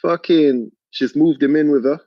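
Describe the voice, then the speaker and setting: A man's voice: fairly high pitch, moderate pace, no echo. Man, casual storyteller, heavy swearing, slightly dull dry recording. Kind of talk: casual chat.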